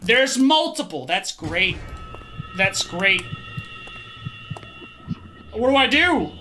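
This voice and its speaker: A gamer giving let's play commentary on a horror game, thinking aloud through puzzles and exclaiming loudly at scares. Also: medium pitch, lively intonation, drawn-out words, soft background music.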